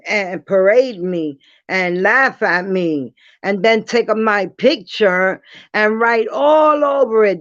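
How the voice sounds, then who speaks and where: A woman ranting bluntly to her viewers in a casual vlog, defiant and dropping quick apologies. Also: mid-range voice, a bit bright, no echo. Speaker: vlogger. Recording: dull lo-fi dry sound.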